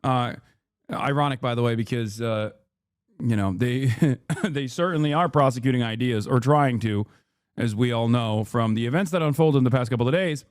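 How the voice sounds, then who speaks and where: A man's voice: medium pitch, normal speed, clear, resonant tone, no room sound. A man doing casual livestream commentary, sarcastic and profane, riffing and talking into a close desk mic. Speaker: streamer and political commentator.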